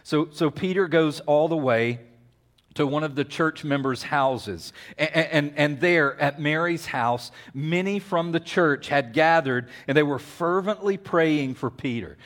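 Man, pastor, sermon, lively storytelling, slightly high voice. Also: measured pace. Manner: animated storytelling with acted-out voices and whisper-yelling.

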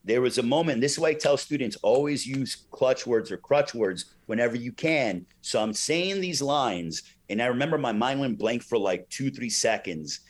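Man, middle-aged, interview guest, animated storytelling, acts out quoted voices, frequent fillers, mid-pitched. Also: normal speed, few pauses. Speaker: ring announcer and guest.

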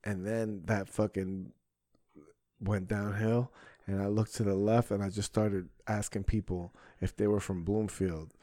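A young man, a comedian and podcast host, telling a profane, animated story in casual chat. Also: lowish voice, a little slow, no room sound, studio quality. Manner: profane, animated storytelling with frequent "bro" and "right?".

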